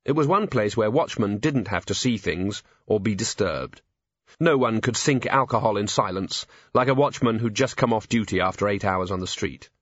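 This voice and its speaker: A man reading a novel aloud as a narrator, in a measured, dry storytelling manner. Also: lowish voice, breathy edge, dry recording. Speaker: audiobook narrator. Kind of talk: scripted narration. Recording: dull, dry lo-fi recording.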